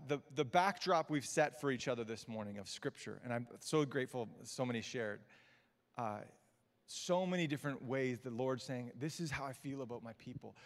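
A man preaching a sermon, telling personal stories with light laughs and dropping to quiet, slowed-down quotes. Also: medium pitch. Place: auditorium or church hall. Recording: long hall reverb from a church.

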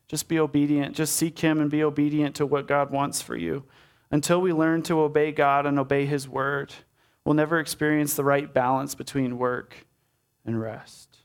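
Man preaching a sermon over soft music. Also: on the high side. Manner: conversational preaching, rising to animated urging. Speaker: pastor.

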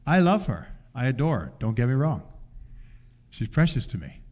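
An older man preaching, telling a family story in an animated way and acting out voices. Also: mid-range voice, normal speed. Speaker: pastor. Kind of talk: sermon storytelling.

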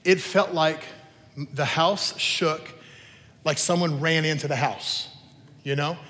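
A man's voice: on the high side, fairly even intonation, slow pace, bright, forceful tone. A man pastor preaching a sermon, telling stories in a chatty way with teasing asides. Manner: conversational storytelling with teasing asides. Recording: long reverb of a large hall.

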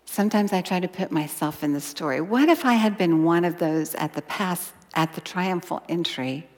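A woman's voice: lowish voice, normal speed. Woman preaching in a reverberant hall. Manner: expressive, dropping to a whisper for emphasis. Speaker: Bible teacher. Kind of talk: sermon.

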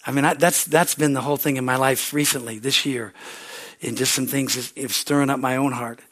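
A man's voice: mid-range voice, steady tone, brisk, a bit bright. A man pastor preaching a sermon, fervent and repetitive, with call-and-response asides.

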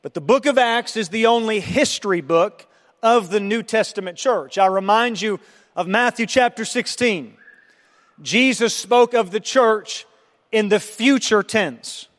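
A man with a notably high voice preaches to his congregation, earnest and emphatic, stumbling over and repeating words as he presses his points. His voice rings out with the long reverb of a church hall. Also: measured pace, a bit bright. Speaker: pastor. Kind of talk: sermon. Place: church sanctuary.

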